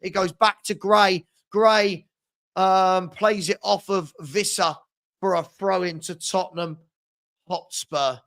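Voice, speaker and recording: Slow and high-pitched, this man's voice carries fairly even intonation and a fairly bright tone. He's running a live fan watchalong, commenting on the match from one side and venting frustration at his own team's blunders.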